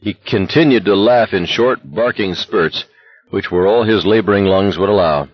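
A man narrating an audiobook in a steady, intense voice. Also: on the low side, moderate pace, slightly rough, dry recording, highs cut off. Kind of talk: scripted narration.

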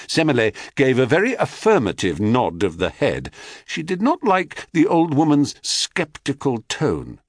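Slow, lively male audiobook narrator. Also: mid-range voice, dry recording, clean studio sound. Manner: measured, wry storytelling.

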